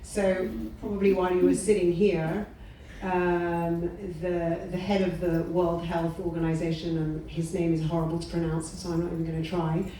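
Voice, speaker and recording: A woman interviewing a guest on stage, joking lightly and pausing with fillers. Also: on the low side, flat delivery, dark tone, slight background noise. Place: event room at a peace center. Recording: echoey room, mic far off.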